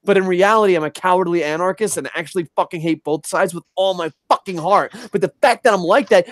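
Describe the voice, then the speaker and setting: A young adult man hosting a casual chat show, ranting in an animated, profane way. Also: sits high, fast talker, hardly any pauses. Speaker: podcast host.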